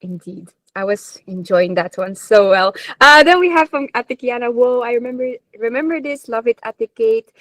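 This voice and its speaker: A woman's voice: a little high, normal speed, hardly any pauses, no room sound, low-quality recording. A woman, co-hosting a live radio show, reading listener comments and teaching phrases in a chatty, laughing way. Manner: chatty, laughs often, sprinkles polite Filipino particles.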